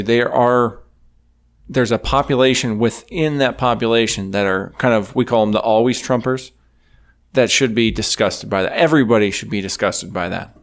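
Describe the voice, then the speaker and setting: A man co-hosting a casual political chat podcast, blunt and swearing freely. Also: medium pitch. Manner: blunt, swears, says "dude". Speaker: podcast co-host.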